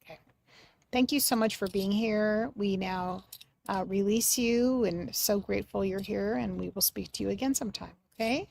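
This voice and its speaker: A woman giving a live mediumship reading on a livestream, speaking gently and affectionately, sometimes dropping soft and sometimes breaking into excited bursts. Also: mid-range voice, moderate pace, creaky. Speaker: psychic medium.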